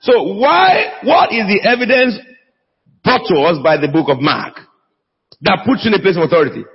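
A man's voice: high-pitched, animated, brisk, breathy edge. A man preaching a sermon in a church, calling out to the congregation and drawing replies from them. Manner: emphatic, call-and-response with the congregation. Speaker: pastor. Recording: echoey church hall, dull lo-fi sound.

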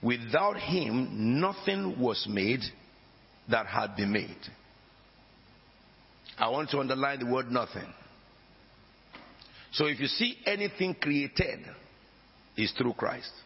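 A man's voice: mid-range voice, big pitch swings, slow pace, pauses often. A man preaching a sermon as pastor, emphatic, with dramatic rises and drops in his voice. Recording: dull lo-fi recording with long hall reverb.

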